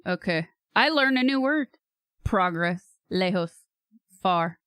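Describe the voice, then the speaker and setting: A woman's voice: lowish voice, animated, slow pace, a bit bright, clear, resonant tone, no room sound, clean studio sound. A woman from California streaming live, thinking aloud in a hesitant way and laughing at herself. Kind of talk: casual livestream chat.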